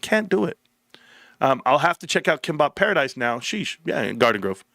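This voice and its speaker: A man hosting a live stream, telling stories in an animated, slangy, emphatic way. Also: on the high side, moderate pace, vocal fry, no room sound, clean studio sound. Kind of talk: casual live-stream chat.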